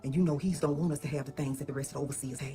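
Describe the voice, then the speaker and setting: A woman's voice: a bass voice, fairly even intonation, rapid-fire, loud music behind the voice. A woman playing a wary, gossiping old servant woman in a comedy sketch, talking in a folksy drawl that sometimes drops to a whisper. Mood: warning.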